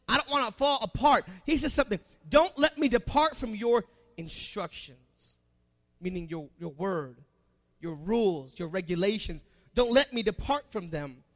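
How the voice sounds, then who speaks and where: A man preaching a sermon as pastor, asking the congregation questions and swinging between quiet asides and loud emphatic lines. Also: very high voice.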